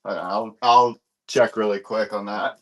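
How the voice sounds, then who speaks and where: A man's voice: on the low side, steady tone, moderate pace. A man hosting a live comic book sale, chatting casually and rambling with many fillers while he searches for stock. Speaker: live-stream comic seller.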